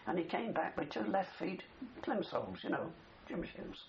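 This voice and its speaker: A man's voice: sits high, sing-song, normal speed, creaky, a crowd in the background. An older man telling a long wartime story in an interview, rambling and tagging his sentences with "you see". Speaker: interviewee, war veteran. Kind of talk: oral history reminiscence. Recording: dull older recording with faint hiss.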